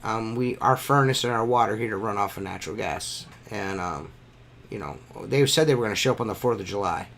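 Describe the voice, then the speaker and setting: A man's voice: fairly low pitch, brisk, a bit bright, a little hiss or hum. A man telling stories in a casual podcast chat, swearing freely and ranting about bills. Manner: profane, ranting storyteller. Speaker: podcast host.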